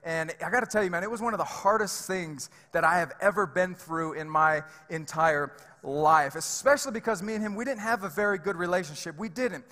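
Bright-voiced pastor preaching in a reverberant hall. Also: male voice, sits high, fairly quick. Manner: emphatic, conversational preaching with fillers and repeats. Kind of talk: sermon. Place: church sanctuary.

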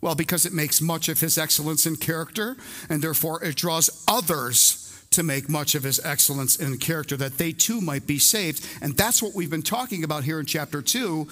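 A man preaches a sermon to his congregation in a bright, forceful voice that sits a little high. He talks conversationally but with real emphasis, driving home his points by repeating them. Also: moderate pace. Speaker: pastor. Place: church service before a congregation.

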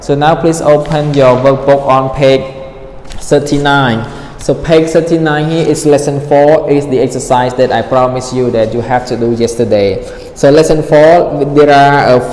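A man teaching an English lesson, repeating vocabulary slowly and acting out rising and falling intonation. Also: medium pitch, a little mellow. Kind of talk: online classroom explanation. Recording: echoey reverberant room with faint noise.

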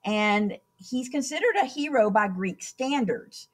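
A woman's voice: on the high side, animated, measured pace. A woman teacher talking students through the week's online assignments in a chatty way, often checking in with "okay?". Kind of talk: screen-recorded class instructions.

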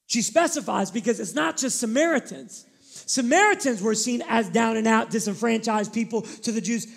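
A male pastor preaching a sermon, animated and emphatic, shifting into candid personal stories. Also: extremely high pitch, gravelly.

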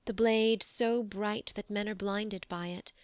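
A woman reading a proud queen's long, earnest account, in steady storytelling verse, within an audiobook. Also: mid-range voice, unhurried, clean tone, no room sound, studio quality, lightly acted. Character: proud queen, devoted to her brother's cause.

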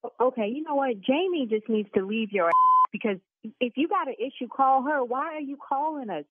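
Brief: indignant woman on a tinny phone line, husky, a bit high. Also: lively intonation, no room sound. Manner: indignant, fast, cursing. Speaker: salon owner on the phone.

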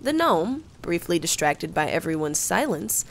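A woman tells a tabletop adventure in a slow, storybook manner with a lively, rising and falling voice. Her tone is a touch low and gravelly, with a faint hiss behind it. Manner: slow, expressive telling with character voices. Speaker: game master narrator. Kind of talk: storybook narration of a tabletop game.

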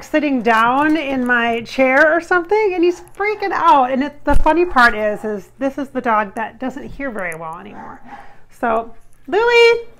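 A woman's voice: high-pitched, a bit bright. A woman vlogging from a small nook in her bedroom into her phone camera, talking casually and rambling, often breaking off to call her dogs. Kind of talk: casual home vlog.

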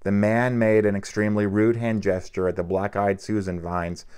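A man narrating an audiobook in a low, smooth, resonant voice. He reads steadily, now and then tripping and restarting a word. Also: normal speed. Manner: steady reading with occasional stumbles and restarts.

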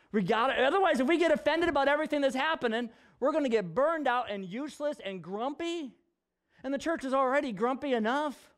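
A man with a very high voice preaches in a casual, conversational way. He is animated and joking as he drives his points home. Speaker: pastor. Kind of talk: sermon in a casual vlog.

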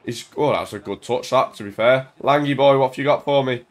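Excitable young man commentating his football game. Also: medium pitch, a little fast. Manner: excitable, banter-filled, shouts at goals. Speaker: gaming YouTuber. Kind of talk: casual live commentary over a football game. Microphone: desk mic.

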